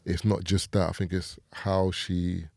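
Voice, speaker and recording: A man's voice: deep voice, little pitch movement, measured pace, vocal fry, a little mellow, no room sound, studio quality. A British man in casual podcast chat, talking loosely with lots of fillers. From United Kingdom. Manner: loose, rambling, many fillers. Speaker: podcast guest.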